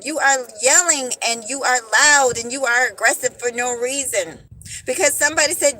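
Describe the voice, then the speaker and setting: A woman hosting a livestream talks straight to her viewers into a hand-held phone, using casual slang and repeating her points emphatically. Her voice sits high, pushed and bright, at a moderate pace, and the recording is low quality.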